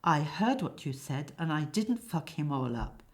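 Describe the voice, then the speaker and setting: A woman's voice: sits low, very animated, a little slow. A woman voicing a sarcastic, defensive hired killer who bickers in a comic stage play.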